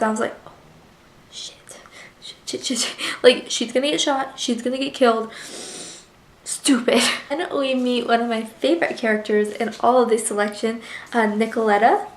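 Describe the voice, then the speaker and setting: Young woman, bookish vlogger, gushy and chatty, slightly high voice, roomy echo. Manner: gushing, chatty, full of "like" fillers. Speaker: book reviewer. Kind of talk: casual book review vlog.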